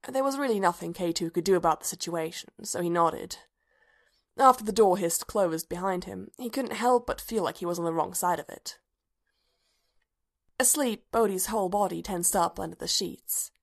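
A woman reads a story aloud with steady, measured narration. Her voice sits at a middling pitch for a woman. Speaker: reader. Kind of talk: fan fiction read aloud.

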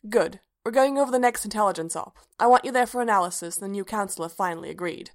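A woman's voice: medium pitch, fast, natural voice. A woman reading a story aloud, voicing a terse, businesslike male officer.

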